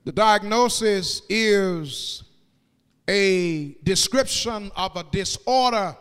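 A man preaching a sermon in a church, moving into sung, rising cadences and shouted peaks, and drawing out key words slowly. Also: sits high, clean tone. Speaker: pastor. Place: church sanctuary. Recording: long reverb of a large hall.

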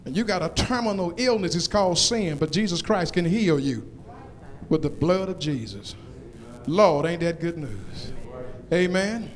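A man preaching a sermon in a church, with call-and-response lines that build to shouted climaxes. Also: fairly high pitch, animated, a little slow. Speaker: pastor. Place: church sanctuary. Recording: long church reverb.

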